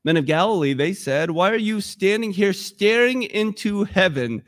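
Male pastor, high voice, dry close sound, heartfelt conversational preaching. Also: lively intonation, normal speed, dry recording. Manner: impassioned, conversational, emotional. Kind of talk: sermon. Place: church.

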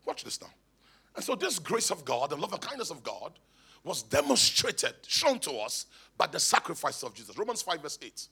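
A man's voice: a little high, huge pitch swings, a little fast, creaky, sharp tone, husky. A man, a bishop preaching emphatically in church and calling on the congregation to respond. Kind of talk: sermon. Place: church hall.

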